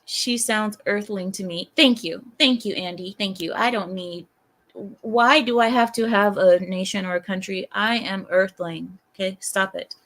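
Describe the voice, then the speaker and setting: A woman's voice: medium pitch, a little slow, a bit bright. A woman hosting a livestream, reading viewer comments aloud and answering them in an exasperated way, with frequent sighs and rhetorical questions. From lives in America.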